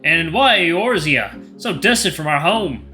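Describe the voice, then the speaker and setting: A man voicing a loud, bumbling male lion royal guard with a put-on accent and old-fashioned speech. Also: a little high, very animated, measured pace, faint music behind, voice pushed up, heavily acted. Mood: blustering.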